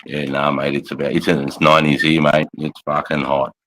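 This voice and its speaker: A man's voice: extremely low pitch, level tone, brisk, a bit bright, poor audio. An Australian man and army veteran in casual chat from his lounge room, blunt and heavily profane, calling everyone mate.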